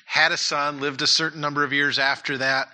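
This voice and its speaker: A man's voice: a little high, flat delivery, a little fast, sharp tone. A man preaching a sermon and leading prayer in a church, earnest and repeating his key points. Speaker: pastor.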